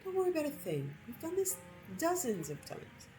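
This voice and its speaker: A woman's voice: sits high, wildly swooping pitch, normal speed, warm tone, soft background music, pitched above the performer's own voice, rough recording. Woman doing a gushing motherly Nord matron. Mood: soothing. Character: big motherly Nord woman, warm and teary.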